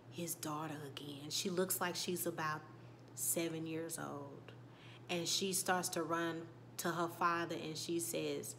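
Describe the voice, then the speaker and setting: Animated woman recapping a show. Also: low-pitched, creaky, background noise. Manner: animated storytelling, swings between loud bursts and hushed whispers; emotional, reacts to scenes. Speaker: YouTube TV recap host. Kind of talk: casual episode recap.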